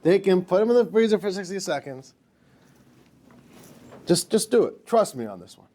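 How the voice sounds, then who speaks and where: A man's voice: high voice, big pitch swings, moderate pace, warm tone. Man voicing a sure-of-himself vet in a told joke, insistent and coaxing. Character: confident male veterinarian with a trick.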